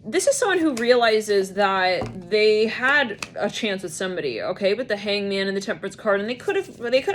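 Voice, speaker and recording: Woman tarot reader, casual monologue, wanders off, acts out little scenes; mid pitch, faint noise behind. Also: lively intonation, a little fast, hardly any pauses. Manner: rambling, acts out imagined scenes in quoted voices.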